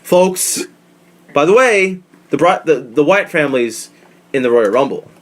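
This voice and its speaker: A man hosting a casual podcast, recapping events in a rambling, profane, animated storytelling way. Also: on the high side, a little slow. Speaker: podcast host recapping wrestling. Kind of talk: casual chat.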